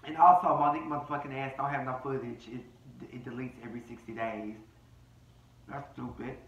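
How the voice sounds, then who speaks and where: A man's voice: medium pitch, fairly even intonation, brisk, echoey room, distant mic, muffled recording. A man hosting a casual reality-TV recap, brash, profane and sassy as he reads the cast. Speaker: commentary host.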